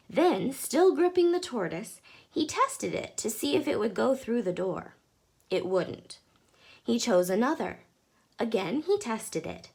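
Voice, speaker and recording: A woman reading a children's book aloud in a lively, expressive way. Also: fairly high pitch, gravelly, breathy edge. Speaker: storyteller.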